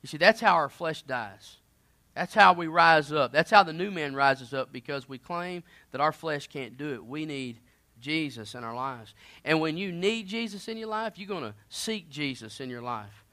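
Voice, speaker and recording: A man preaching a sermon in a conversational style, moving between loud emphatic bursts and quiet asides. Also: fairly high pitch, animated, moderate pace.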